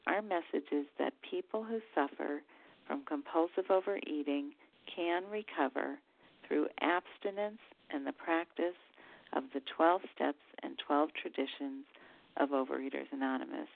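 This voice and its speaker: Gravelly low woman on a phone line. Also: no room sound. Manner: measured, formal reading. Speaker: meeting chair. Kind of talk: reading a meeting preamble aloud. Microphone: phone call.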